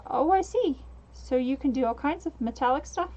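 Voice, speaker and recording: Brief: curious polite girl lead, read by a woman, high pitch, muffled recording. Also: lively intonation, normal speed, darkish tone. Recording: dull lo-fi mic.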